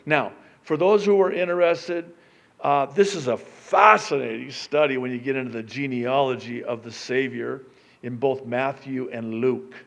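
A man preaching a sermon as pastor, swinging from loud declaiming to a hushed, near-whispered delivery. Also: mid-range voice. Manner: slow, emphatic delivery.

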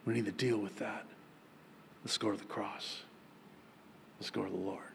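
A man preaching a sermon as pastor, telling the story in an animated way and acting out the voices of the people in it. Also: on the low side, normal speed, creaky, slight background noise. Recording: long hall reverb.

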